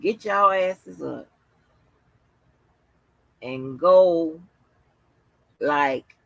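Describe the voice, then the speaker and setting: A woman's voice: low-pitched, very slow, creaky, dry recording, highs cut off. A tired woman hosting a livestream, chatting loosely with viewers, swearing freely and talking through lots of fillers. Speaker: livestream host. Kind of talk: casual livestream chat with viewers.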